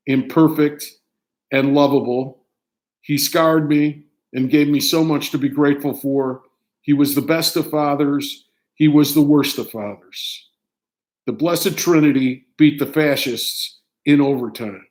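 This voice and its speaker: A man's voice: fairly high pitch, darkish tone. Older man reading a personal essay. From United States. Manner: measured, declamatory reading in short phrases. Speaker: writer reading his own essay.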